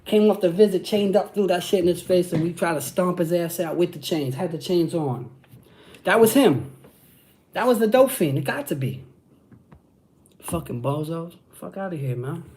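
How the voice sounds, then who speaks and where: A man's voice: high voice, expressive, moderate pace, darkish tone, slight background noise. Hyped Brooklyn man on a livestream. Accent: New York. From Brooklyn, New York. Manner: hyped, profane street talk with constant "you know what I'm saying". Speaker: channel host. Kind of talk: livestream chat with viewers.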